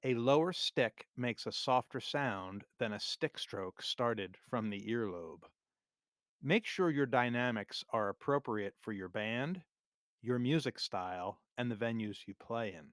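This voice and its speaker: A man teaching music theory for drummers in a scripted, measured, clearly explained lesson narration. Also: mid-range voice, expressive, no room sound, clean studio sound. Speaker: drum teacher.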